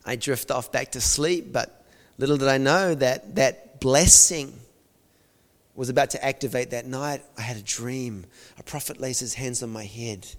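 A male preacher tells a personal story in an animated sermon, dropping to near-whispers and then rising to loud exclamations. His voice carries the long reverb of a large hall. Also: medium pitch, a little slow.

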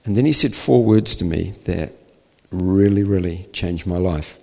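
A man's voice: low voice, a little slow, gravelly, darkish tone, in a large hall. A man preaching a sermon, telling a story and acting out the dialogue, building to emphatic peaks.

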